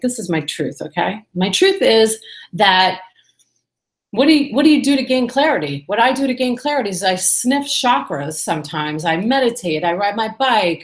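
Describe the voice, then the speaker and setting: A woman's voice: medium pitch, expressive, normal speed, roomy sound. A woman talking candidly to the camera in a casual personal vlog, rambling and chatty with lots of fillers. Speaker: vlogger.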